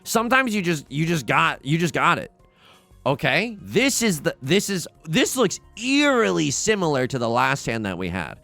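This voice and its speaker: A young man giving casual, excitable commentary on his own gameplay, talking to viewers and trash-talking opponents. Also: a little high, normal speed, creaky, dry recording. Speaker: let's play host. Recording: game music underneath.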